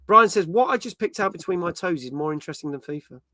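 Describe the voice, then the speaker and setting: Middle-aged man, host, bright voice, dry close sound, casual chat. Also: high voice, fast talker, no echo. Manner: reads viewer comments aloud, swears freely, lively. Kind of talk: casual gaming podcast chat.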